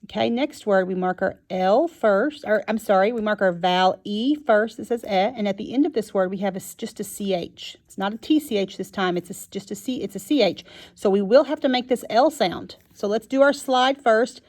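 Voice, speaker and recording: A woman teaching a phonics lesson to young children, sounding out each word slowly and clearly. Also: mid-range voice, darkish tone. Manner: slow and clear, sounding out words.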